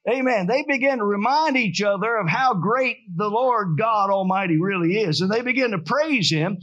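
Male pastor, high voice, fervent call-and-response sermon, slightly dull sound. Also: normal speed, fairly bright tone. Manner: preaching with rising fervor and call-and-response.

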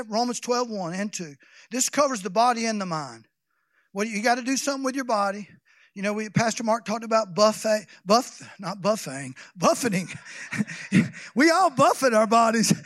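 High-voiced preacher, folksy and rambling. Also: male voice, no echo, clean studio sound. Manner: folksy, rambling with restarts, building to shouted exhortation. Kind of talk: sermon.

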